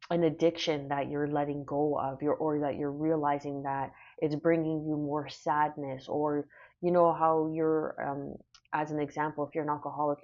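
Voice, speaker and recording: A woman's voice: low voice, highs cut off. A woman doing a casual spoken tarot reading, rambling and reassuring with many fillers. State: hiccuping. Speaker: tarot reader.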